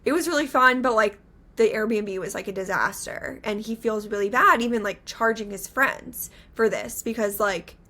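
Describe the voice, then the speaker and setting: Young woman, podcast co-host, animated, chatty, slightly high voice. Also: moderate pace. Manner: animated, many filler "like"s. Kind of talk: casual storytelling chat.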